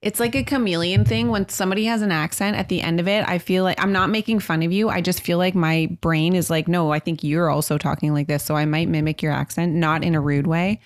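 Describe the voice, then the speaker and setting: A woman co-hosts a podcast in a slightly low voice. She is animated and chatty, laughing as she talks. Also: fairly quick, few pauses. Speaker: podcast co-host. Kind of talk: casual chat.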